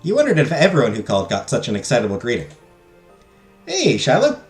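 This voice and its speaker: A man's voice: mid-range voice, sing-song, racing, a little mellow, soft background music. A man streaming a visual novel, reading the story text aloud and dropping crude joking asides. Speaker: game streamer. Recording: echoey room.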